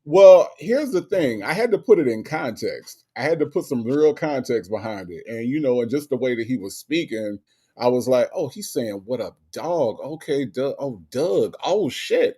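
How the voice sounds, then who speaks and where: Woman, co-host, from the South, casual chat, laid-back storytelling, mellow voice. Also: a bass voice.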